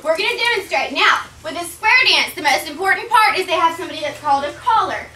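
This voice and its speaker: A woman's voice: extremely high pitch, expressive, quick pace. Southern woman teacher quizzing children. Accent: Southern American. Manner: drilling questions, upbeat and encouraging. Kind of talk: classroom quiz lesson for children. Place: busy school room full of children. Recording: roomy and distant, loud children and noise.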